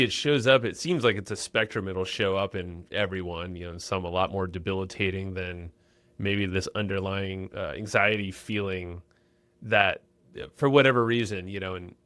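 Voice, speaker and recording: Low-voiced podcast host man, dry sound. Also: a bit bright, no room sound. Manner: rambling questions with fillers. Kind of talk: podcast interview.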